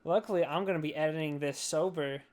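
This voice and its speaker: This podcast host talks fast in a voice on the high side. He's a young man who's had too much to drink, and his casual chat wanders, slurs and is full of profanity.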